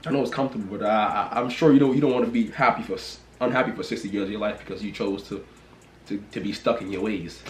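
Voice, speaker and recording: A man in a casual rant to camera, talking bluntly and repetitively, swinging from loud exclamations to low mutters. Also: quick pace, reverberant, faint music behind. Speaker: vlogger.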